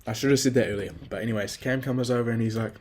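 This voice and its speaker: A man's voice: medium pitch, fairly even intonation, rapid-fire, darkish tone. A young man, rambling through a casual, profane and self-critical solo podcast monologue. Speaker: podcast host.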